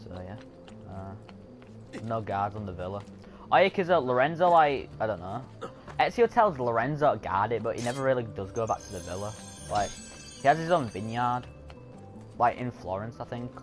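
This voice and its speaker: A man's voice: medium pitch, very animated, normal speed, long pauses. Chatty man narrating gameplay. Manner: chatty, rambling, self-correcting. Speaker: gaming streamer. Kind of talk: casual let's-play commentary. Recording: game music playing behind.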